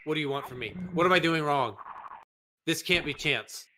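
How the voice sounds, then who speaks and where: A man's voice: fairly high pitch, moderate pace, sharp tone, slight background noise. A man hosting a let's play, commenting on his gameplay in an exasperated way and swearing often. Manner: exasperated, swearing, frustrated ranting.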